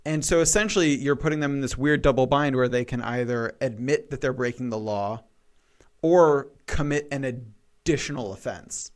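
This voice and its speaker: A young man co-hosting a casual radio talk show, rambling through opinions and retelling stories with animated quoted voices. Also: medium pitch, moderate pace. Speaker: co-host bringing topics.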